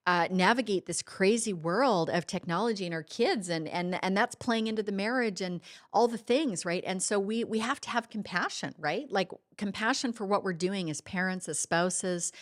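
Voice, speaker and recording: A woman's voice: medium pitch, normal speed, hardly any pauses. A middle-aged woman co-hosting a relationship coaching podcast, speaking earnestly with frequent "like" fillers. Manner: earnest, warm-hearted, many "like" fillers. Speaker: co-host, life coach. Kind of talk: casual podcast conversation.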